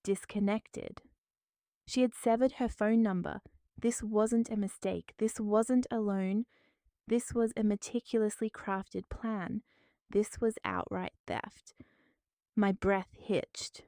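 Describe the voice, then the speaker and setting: Woman narrator, dramatic story reading, mellow smooth voice, dry close sound. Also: mid-range voice, fairly even intonation, slow, dry recording. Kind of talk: scripted first-person drama narration.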